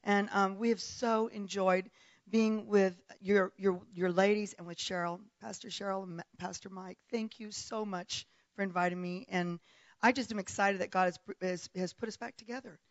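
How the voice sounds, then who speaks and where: A woman's voice: medium pitch, steady tone, normal speed, dry recording, dull audio. A woman from South Africa who grew up partly in Texas, a guest preacher opening her sermon with chatty remarks and laughter. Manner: warm, chatty, laughs often. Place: church pulpit.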